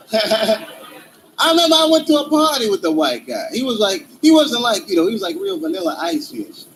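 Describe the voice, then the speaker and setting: A man performs a stand-up routine inside a role-play, telling profane stories with lots of laughter. His voice sits very high and swings widely in pitch. Clear background noise runs under the whole recording. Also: a little fast, low-quality recording. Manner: animated, profane storytelling with frequent laughter.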